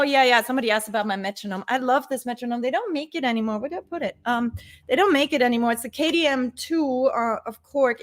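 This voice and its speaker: Chatty woman teaching bass on a livestream. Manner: chatty, informal, laughs easily. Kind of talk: live-streamed music lesson.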